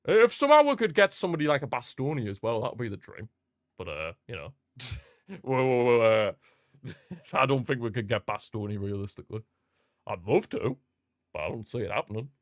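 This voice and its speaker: A man hosting a live football watchalong, chatting excitedly, reacting to the match and answering viewer comments. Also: mid-range voice, no room sound, studio quality. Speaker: watchalong host.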